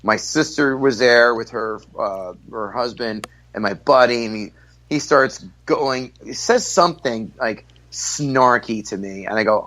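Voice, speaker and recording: A man who is a guest comedian, telling stories in a casual podcast chat, talking fast, loud and forward, full of profanity. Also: medium pitch.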